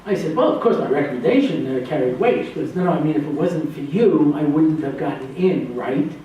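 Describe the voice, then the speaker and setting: A male rabbi telling a story to a group of students, acting out the dialogue and jumping his pitch for the other voices. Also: lively intonation, fairly quick, dark tone, distant mic, highs cut off. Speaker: rabbi and lecturer. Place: lecture hall with laughing audience. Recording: echoey hall, voice from afar, faint noise. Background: audience laughter.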